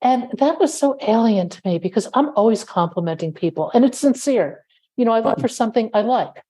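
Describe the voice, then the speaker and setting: A woman's voice: fairly high pitch, lively intonation, brisk, warm tone. A woman hosting a podcast, talking in an earnest, reflective way during a casual interview. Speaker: podcast host.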